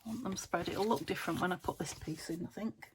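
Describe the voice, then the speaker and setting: Working on a craft, this middle-aged craft vlogger from the United Kingdom talks fast in a fairly low voice, chatting casually to herself and frequently slipping into a whisper. The home recording is noisy.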